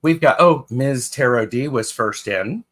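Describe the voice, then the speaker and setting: A man's voice: mid-range voice, a bit bright. A man in the middle of his register who takes his time. He co-hosts a live tarot stream and greets chatters one by one, with plenty of ums and restarts. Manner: unhurried, greets chatters by name with fillers and restarts. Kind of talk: casual live-stream chat.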